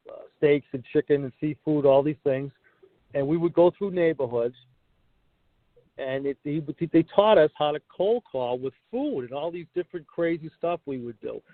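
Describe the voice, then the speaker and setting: A man's voice: medium pitch, dry recording. A middle-aged man, a comedian, telling stories from his career in a casual interview and acting out the dialogue. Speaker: guest, comedian. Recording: tinny call line, dry.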